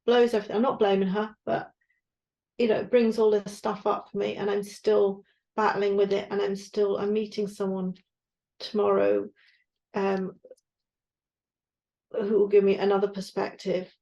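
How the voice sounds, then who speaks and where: Brief: frank woman co-host, searching aloud, swears, restarts sentences, mid-pitched. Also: flat delivery, moderate pace, gravelly, pauses often, warm tone, highs cut off. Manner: candid, self-searching, swearing, trailing off. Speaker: podcast co-host, guesthouse owner. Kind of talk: candid casual chat.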